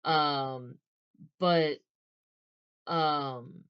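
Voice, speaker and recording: Low-voiced woman rambling about a book. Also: fairly even intonation, very slow, clean tone, lo-fi sound. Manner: rambling, many fillers and restarts, retells scenes in quoted voices. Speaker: book reviewer. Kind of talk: casual book talk.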